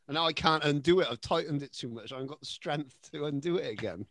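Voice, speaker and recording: A man's voice: on the high side, fast, a bit bright, dry recording. A man guesting on a podcast from his living room, chatting casually, swearing and mocking himself. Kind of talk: casual chat. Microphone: home mic on a stand.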